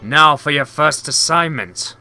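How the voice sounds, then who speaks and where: A man voicing a stern male commander from a video game, reading the lines slowly and loudly in a scolding way. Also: a little high, soft background music. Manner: slow, loud, scolding delivery.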